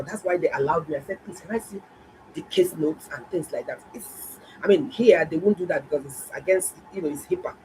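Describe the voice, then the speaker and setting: A middle-aged woman, a doctor, telling viewers a story in a casual, animated and exclaiming way. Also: lowish voice, a little hiss or hum, rough recording. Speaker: doctor and health vlogger.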